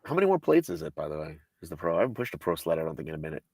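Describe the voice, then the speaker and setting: A man's voice: sits low, sing-song, very fast, gravelly, a little mellow, breathy edge, no room sound. A man co-hosting a fitness podcast, joking and teasing in casual chat. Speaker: podcast co-host.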